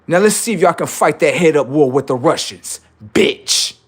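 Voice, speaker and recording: Man on a livestream, profane rant, taunting and heated, slightly higher voice with big swings in pitch. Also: expressive, moderate pace. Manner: heated, taunting, swings between loud jeers and low asides. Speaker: livestream host.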